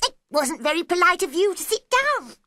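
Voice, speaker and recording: A woman voicing an excitable male March Hare from a storybook, high and sharp. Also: normal speed, no echo, clean studio sound, full character voice. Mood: shrill.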